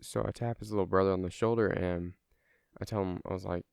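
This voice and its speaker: Young man, casual storyteller; low, smooth voice with a loose, rambling and profane delivery. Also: steady tone, a little fast, a little mellow, no room sound, clean studio sound. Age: young adult. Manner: rambling, swears freely, lots of fillers.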